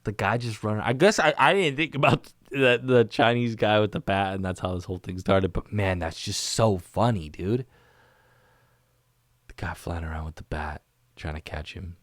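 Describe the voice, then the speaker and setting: A man's voice: on the low side, normal speed, no echo. A man hosting a casual solo podcast from a small studio, rambling in a laid-back way and saying dude and man constantly. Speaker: podcast host. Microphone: studio microphone on camera.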